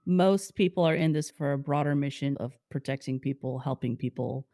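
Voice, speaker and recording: A woman's voice: rumbling low, moderate pace, dark tone, no echo, studio quality. A woman hosting a podcast interview, chatting in a playful, curious way and laughing easily. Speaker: podcast host. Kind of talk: casual interview chat.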